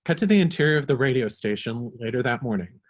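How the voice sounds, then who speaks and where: A man reading the stage directions in a script reading, brisk and matter-of-fact. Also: mid-range voice, animated.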